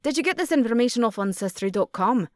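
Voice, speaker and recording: A woman doing a gruff guarded Scottish barman. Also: fairly high pitch, animated, fast, no room sound, studio quality, pitched above the performer's own voice, lightly acted. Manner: suspicious, curt, Scots dialect words. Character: gruff guarded Scottish male pub owner.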